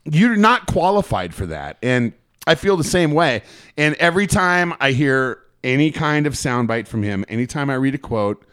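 A man's voice: mid-range voice, normal speed, fairly bright tone, smooth. A man from Colorado co-hosting a podcast, riffing on football with dry, sarcastic asides. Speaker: podcast co-host. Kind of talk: casual sports chat.

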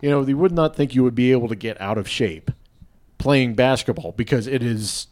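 Rambling, animated male sports blogger. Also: medium pitch, brisk. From Denver area. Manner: rambling, animated, many restarts. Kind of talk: casual podcast chat.

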